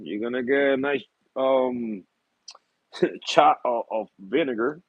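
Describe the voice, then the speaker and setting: A man's voice: medium pitch, slow, slightly rough, no echo, phone-quality sound. A man in a casual, rambling vlog about his reef tanks, full of fillers, easy laughs and repeated apologies. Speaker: reef tank hobbyist vlogger. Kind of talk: casual chat.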